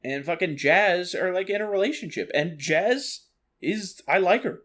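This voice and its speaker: A man ranting about a video game, animated, exasperated and full of swearing. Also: sits high, normal speed. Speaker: streamer. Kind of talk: ranting gameplay commentary. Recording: faint lo-fi music underneath.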